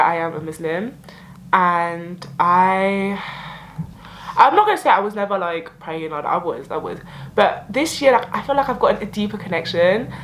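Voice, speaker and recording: A woman's voice: medium pitch, slight background noise, poor audio. Young female vlogger, sincere and emotional, loose chatty delivery with many likes. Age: young adult. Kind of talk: reflective year-end vlog.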